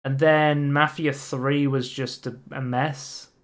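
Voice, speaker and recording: A man's voice: medium pitch, takes it slowly. A young man co-hosting a podcast, chatting casually and reading out game news with frequent ums. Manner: relaxed, reads out news with many ums. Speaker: podcast co-host. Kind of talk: casual chat.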